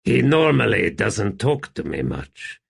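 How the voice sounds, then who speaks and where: Weary middle-aged smith, voiced by the male narrator, low voice, dry and deadpan audiobook figure. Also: unhurried, creaky, slightly rough, exaggerated voice. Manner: dry, tired. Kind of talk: audiobook character voice.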